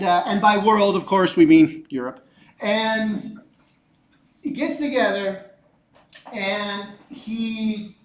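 A male teacher lecturing a class in a lively, joking way, often asking the students questions. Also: sits high. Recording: echoey classroom.

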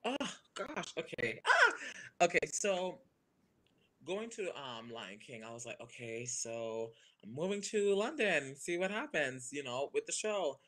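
A man in his thirties, a stage performer, gushing in a casual interview and laughing often. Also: fairly high pitch. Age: 30s. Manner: animated, gushing, quick to laugh.

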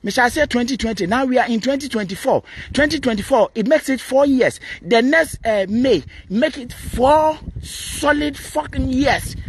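A man's voice: very high-pitched, slight background noise. A Ghanaian man, a Twi speaker, delivering a defiant, mocking rant to camera and mixing Twi with English. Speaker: vlogger answering a critic. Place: outdoors beside a busy road.

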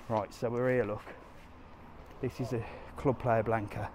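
A man's voice: medium pitch, little pitch movement, a little slow, noisy background. A man chatting casually to live viewers as he walks along a sunny resort street, answering their questions. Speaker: travel vlogger answering live chat. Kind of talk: casual live-stream walking vlog.

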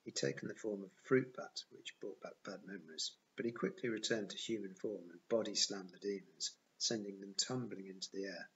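A man reads a novel aloud in an even, plain first-person narration. His voice is on the low side. The recording sounds dull and lo-fi. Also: brisk, gravelly, hardly any pauses. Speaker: audiobook reader.

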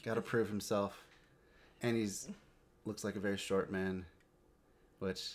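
A man's voice: on the low side, little pitch movement, measured pace. A young man co-hosting a casual reaction stream with his wife, joking wryly and often repeating his words as he talks.

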